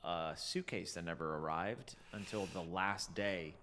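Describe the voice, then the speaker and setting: Co-host, man, deep-ish voice, loose anecdotal storyteller in casual chat. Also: unhurried, pushed and bright, a little hiss or hum. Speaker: podcast co-host.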